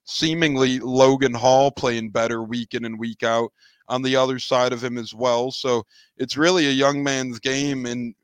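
A man's voice: medium pitch, steady tone, no room sound. Upbeat male podcast co-host, dry sound. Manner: upbeat, measured, builds on his co-host's points. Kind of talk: casual sports chat.

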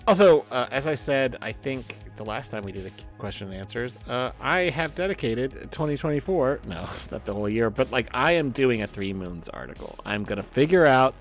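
A man co-hosting a podcast over a remote call, talking in a rambling, animated way with lots of fillers and swearing. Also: medium pitch, brisk, few pauses, soft background music. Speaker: podcast co-host and author. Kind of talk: casual podcast chat. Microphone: remote call recording.

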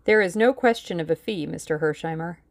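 A woman voicing a shrewd older male lawyer who speaks in a calm, dry, authoritative way. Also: on the low side, a little fast, gravelly, no room sound. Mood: measured.

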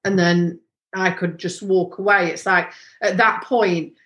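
A woman's voice: fairly low pitch, steady tone, a little slow, fairly bright tone, roomy sound, dull audio. A woman speaking frankly as a podcast guest in casual conversation, earnest, with many restarts. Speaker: podcast guest, sex expert.

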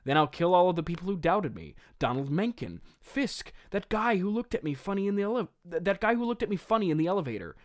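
A man's voice: high voice, sing-song, quick pace, few pauses, pitched above the performer's own voice. A man reading as a vengeful young villain.

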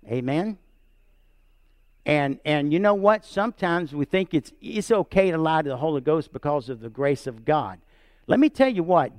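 A middle-aged man preaching a sermon as pastor, telling a family story and checking in with "right?" and "amen?", rising high and loud to stress points and dropping soft for quiet lines. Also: no echo. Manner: storytelling, repeats words, asks "right?" and "amen?" of the congregation.

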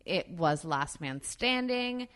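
Low-pitched woman guest, frank storyteller, swears freely, many fillers. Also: expressive, slow pace, a bit bright, clean tone. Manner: profane, filler-heavy, candid. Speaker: actress, interview guest. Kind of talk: casual storytelling in an interview.

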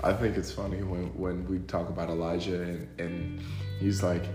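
A man co-hosting a casual chat, playful and lively, doing goofy voices for comic effect. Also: low-pitched, moderate pace, roomy sound, music in the background, low-quality recording. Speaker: podcast co-host.

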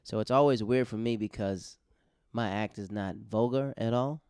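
A man who is a stand-up comedian, chatting casually and acting out voices in animated stories. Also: lowish voice, moderate pace, clear, resonant tone, dry recording, studio quality. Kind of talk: casual podcast chat.

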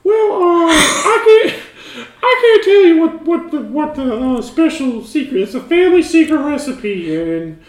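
A man doing a squeaky shifty penguin farmer. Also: sing-song, unhurried, heavily acted. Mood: evasive. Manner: rambling, laughing through lines. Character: high-voiced male penguin farmer, shifty. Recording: echoey room.

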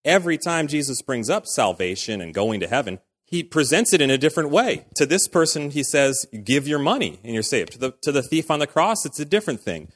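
A man's voice: a little high, big pitch swings, a little fast, hardly any pauses, fairly bright tone. A man, likely a pastor, giving a casual, conversational sermon in a church, full of fillers and acted-out quotes.

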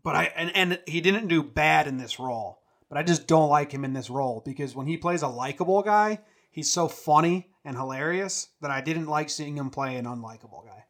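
Bright-voiced young man, argumentative. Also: on the high side, brisk, few pauses. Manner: argumentative, trails off quietly. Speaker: podcast co-host. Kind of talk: casual film discussion.

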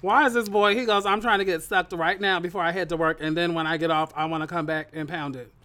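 Sassy, bright-voiced podcast co-host. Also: male voice, fairly high pitch, steady tone, fast. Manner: sassy, teasing banter. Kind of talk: casual chat.

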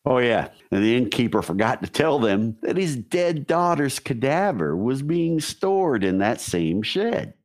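A man's voice: medium pitch, very animated, unhurried, hardly any pauses. A man co-hosting a casual podcast, telling folklore stories with wry, jokey asides. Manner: wry, jokey asides while reading lore. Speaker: podcast co-host. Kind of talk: casual storytelling chat.

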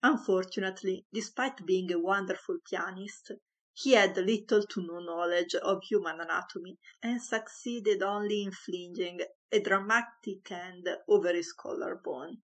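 A woman reading a comic story aloud, with an expressive, playful delivery. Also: mid-range voice, normal speed, low-quality recording. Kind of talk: storybook narration.

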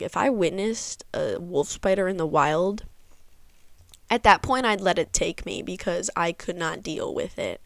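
A woman's voice: fairly low pitch, creaky, dry recording. A young woman hosting a casual solo podcast, rambling and sarcastic, swearing freely as she rants. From Midwest of the United States. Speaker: podcast host.

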